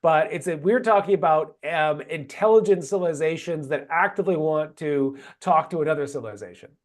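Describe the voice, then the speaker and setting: Somewhat high-voiced male host. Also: brisk. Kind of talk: live Q and A hosting.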